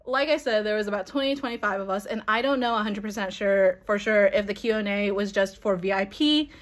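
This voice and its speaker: A young woman telling an excited, rambling story in casual chat, laughing and swearing as she goes. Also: mid-range voice, brisk. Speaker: vlogger.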